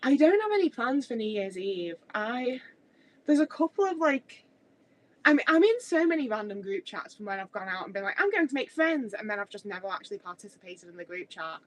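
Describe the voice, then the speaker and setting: A woman's voice: mid-range voice, lively intonation, fairly quick, low-quality recording. Rambling woman with Midlands-Scouse accent. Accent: mixed Midlands and Scouse. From Stoke, English Midlands. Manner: rambling, many restarts and fillers. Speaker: livestream host. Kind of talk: casual livestream chat. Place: home kitchen area. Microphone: webcam mic, moving away while cooking.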